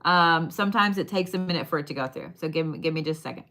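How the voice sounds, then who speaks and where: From her shop, a woman does bone readings on a live stream, chatting casually, swearing now and then, and speaking directly to viewers. Her voice sits low, and she talks fast with a sharp tone.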